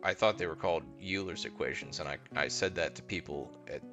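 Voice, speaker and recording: A man's voice: low voice, a little fast, over music. A man with a Texan accent hosting a call-in show, laid-back and joking, chummy with his callers. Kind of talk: casual call-in chat.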